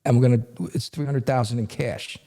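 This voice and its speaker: A man acting out a male criminal ringleader who talks in a fast, impatient, blunt way. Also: mid-range voice, fairly even intonation, warm tone, lightly acted. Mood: menacing.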